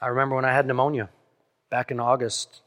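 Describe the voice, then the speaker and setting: A man preaching a sermon as pastor, earnest, dropping softly on key lines and speeding through asides. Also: medium pitch, little pitch movement, quick pace. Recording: long hall reverb.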